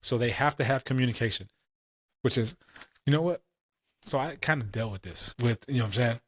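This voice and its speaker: This podcast co-host, a man in his late twenties or thirties, speaks a little fast with a medium pitch and a breathy edge. The studio sound is clean with no room sound, and he spins stories loaded with profane street slang.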